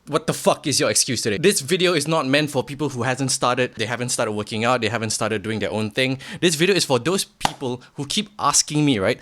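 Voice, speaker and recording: A young man giving a blunt, profane motivational rant to the camera, swinging from quiet to shouting. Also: mid-range voice, brisk, few pauses, slight background noise. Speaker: vlogger.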